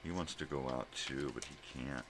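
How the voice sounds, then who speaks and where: A man's voice: rumbling low, normal speed, noisy background. An older man in a casual morning vlog at home, talking fondly to his dogs in baby talk and tossing in simple Spanish words. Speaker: vlogger.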